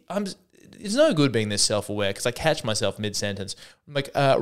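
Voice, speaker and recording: Rambling sarcastic Australian man, smooth voice. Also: lowish voice. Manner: rambling, self-deprecating, sarcastic. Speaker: comedian podcast host. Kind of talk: solo comedy podcast monologue.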